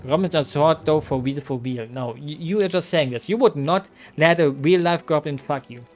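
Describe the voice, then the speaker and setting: A man's voice: fairly high pitch, normal speed, soft background music. A man streaming a game, chatting loosely with his chat, joking and rambling with lots of "like" and "you know". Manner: rambling, joking, many fillers.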